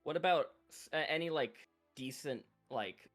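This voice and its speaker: Man playing a fast-talking merchant. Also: a little high, faint music behind. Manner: salesman patter, flattering. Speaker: player. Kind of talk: tabletop role-play, playing a smooth-talking merchant.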